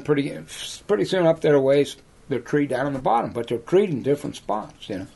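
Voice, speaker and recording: Husky-voiced male outfitter, bit high, swooping delivery; rambling storyteller who laughs at his own tales. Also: darkish tone. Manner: rambling hunting yarns, peppered with "you know". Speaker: lion hunter and outfitter guest. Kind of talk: storytelling in an interview.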